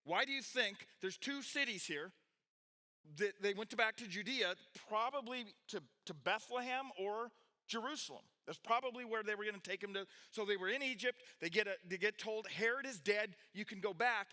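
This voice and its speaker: A man leading a sermon with a high, bright voice. He reads scripture, breaks off to explain, and asks his listeners questions, restarting his sentences as he goes. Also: normal speed. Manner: animated, with restarts, questions to the audience. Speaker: pastor teaching a youth group. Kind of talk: sermon with Bible reading.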